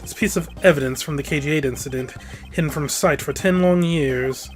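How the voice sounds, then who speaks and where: A stiff, deliberate male prosecutor with a put-on British accent , voiced by a let's player. He speaks every line with measured formality while quiet game music plays behind. The delivery is even and precise. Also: mid-range voice, close to an everyday voice. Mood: composed. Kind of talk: let's-play voice acting of game text.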